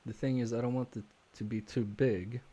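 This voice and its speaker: A man's voice: medium pitch, fairly even intonation, moderate pace, husky. A man streaming live while repairing electronics, thinking aloud in a hesitant, self-questioning way, with many fillers and trailing-off sentences as he works. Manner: quietly focused, mutters while working.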